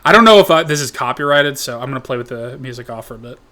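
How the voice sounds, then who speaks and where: A man's voice: medium pitch, quick pace. A man hosting a reaction video who gives rambling, profanity-laden comedic commentary. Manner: rambling, animated, swears a lot.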